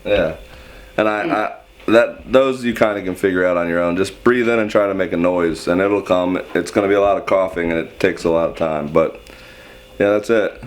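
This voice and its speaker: A man's voice: deep voice, normal speed. A young man casually explaining vocal technique in a rambling, self-deprecating way, often restarting his sentences. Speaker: screaming vocal instructor.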